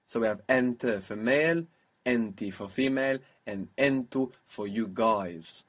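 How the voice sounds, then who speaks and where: A man's voice: mid-range voice, fairly quick, fairly bright tone. A man teaching a spoken language lesson, patiently coaching pronunciation step by step.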